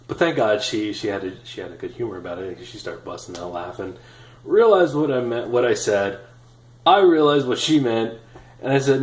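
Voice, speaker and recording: A man in his thirties telling a personal story in a casual, animated, self-deprecating way with many fillers. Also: lowish voice, measured pace, reverberant, rough recording. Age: 30s. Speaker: vlogger.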